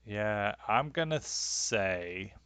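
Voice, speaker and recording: A man's voice: on the low side, lively intonation, drawn-out words, fairly bright tone, smooth, no echo. A man running a tabletop game as game master, talking with many hesitations and fillers.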